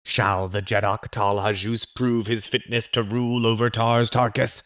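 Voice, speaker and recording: A man's voice: lowish voice, flat delivery, normal speed, a bit bright, close to an everyday voice. A man voicing an old, stern male green Martian chieftain who speaks in a cold, hard voice.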